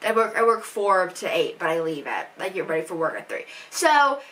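A woman's voice: fairly low pitch, very animated, a little fast, a bit bright. An eighteen-year-old woman vlogging in a casual, rambling, self-deprecating way, full of filler words. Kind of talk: casual vlog chat.

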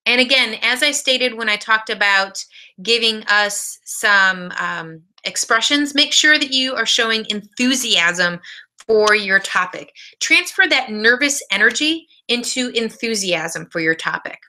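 A woman's voice: on the high side, animated, a little slow, sharp tone. A woman teaching a college speech class in a recorded video lecture, giving direct practical tips.

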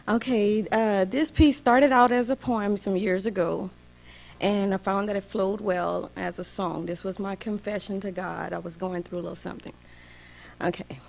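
A woman performing poetry, introducing her piece in a soft, quick way. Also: medium pitch, steady tone, vocal fry. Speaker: performing poet. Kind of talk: spoken word and sung poetry.

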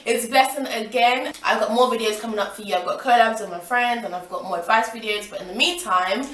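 A woman vlogger greets her viewers casually in a bubbly, brisk way. Her voice sits a little high. It sounds distant in an echoey room. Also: a bit bright. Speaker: vlogger host. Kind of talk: casual vlog chat.

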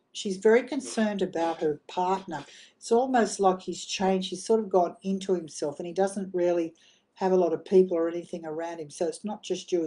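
Soft-spoken Australian woman medium, mellow. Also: lowish voice. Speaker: psychic medium. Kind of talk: live online reading.

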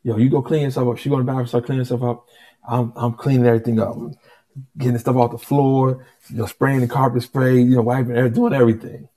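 A man, a guest musician, telling a story in a relaxed conversational way, restarting sentences and acting out dialogue. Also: medium pitch, fast. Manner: animated, restarts often, acts out dialogue.

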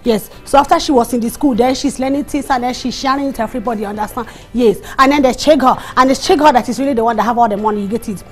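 A woman's voice: very high voice, very animated, moderate pace, soft background music, pitched above the performer's own voice. A woman voicing a boastful Nigerian woman singer who speaks broken English and quizzes her listeners. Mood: bragging. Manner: bragging, sing-song, quizzing listeners.

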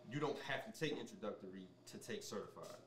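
A man with a fairly low voice talks through his subject as an interview guest, relaxed and explanatory, often pausing with ums and restarting sentences. He sits a little back from the mic in a roomy, echoing space with faint background noise. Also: distant mic, crowd noise. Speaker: sommelier guest. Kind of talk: casual interview conversation.

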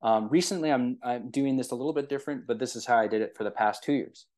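A man's voice: mid-range voice, quick pace, a little mellow. A man leading a real estate training in a casual, conversational way, often checking in with the listeners. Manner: conversational, with frequent fillers and rhetorical "right?".

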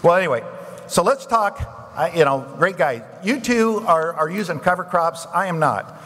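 Man, panel moderator, animated storyteller, somewhat high voice, long hall reverb. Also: moderate pace. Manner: animated storyteller, pitch jumps up and down. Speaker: panel moderator and farm researcher. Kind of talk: conference panel discussion. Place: conference session hall.

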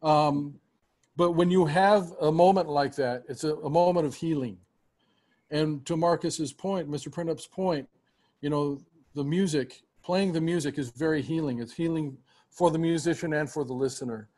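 A man's voice: fairly high pitch, normal speed. A man teaching music, talking earnestly and at length to his students on a video call, with frequent restarts. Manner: earnest, warm, rambling with restarts. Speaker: music teacher hosting a roundtable. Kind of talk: casual heartfelt talk to students.

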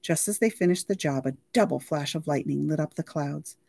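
Lively, expressive storybook reader. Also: medium pitch, fairly quick, vocal fry, no room sound, studio quality. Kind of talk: reading a novel aloud.

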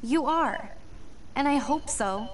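An earnest college girl, higher voice, far off mic. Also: expressive, takes it slowly, a crowd in the background. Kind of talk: video game voice acting.

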